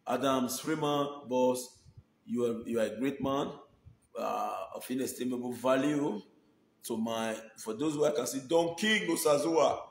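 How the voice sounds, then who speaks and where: A man's voice: medium pitch, measured pace, echoey room, slight background noise. A Nigerian man chatting casually and thanking his viewers by name, mixing Pidgin with English. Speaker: online video host. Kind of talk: casual shout-outs to viewers.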